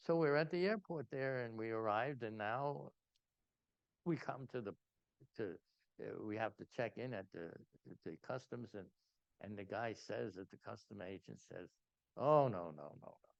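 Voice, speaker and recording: An older man telling a personal story to a gathering, animated and full of restarts. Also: lowish voice, moderate pace, creaky, no echo, highs cut off. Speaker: invited speaker.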